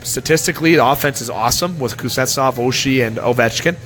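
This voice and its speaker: Casting note: talkative Canadian man hosting a sports show, energetic, faint music behind him. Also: mid-range voice, fast. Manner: rambling, opinionated, energetic. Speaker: sports talk show host. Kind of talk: casual hockey talk. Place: restaurant.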